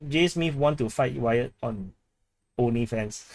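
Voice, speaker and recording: A man's voice: mid-range voice, slow pace, creaky, dry recording. A man from Singapore with a Singaporean English accent, hosting a live stream and chatting casually as he reads viewer comments, often repeating words and laughing.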